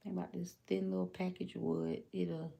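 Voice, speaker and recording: A woman's voice: fairly low pitch, level tone, normal speed, creaky, warm tone. A woman livestreaming a craft session, chatting casually with viewers as she works. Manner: chatty, talks while working, addresses viewers as y'all.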